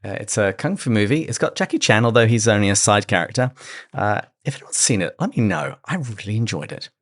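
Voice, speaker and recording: A man's voice: lowish voice, animated, a little fast, a bit bright. A man co-hosting a podcast with a congested voice from a cold, talking in a mild, understated way. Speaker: podcast co-host. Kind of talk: casual podcast chat.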